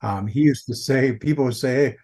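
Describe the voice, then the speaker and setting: A man's voice: mid-range voice, a little fast, husky. A man in his forties, a podcast guest, telling his story casually and animatedly, with lots of "dude" and "like". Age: 40s. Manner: animated, says dude and like a lot.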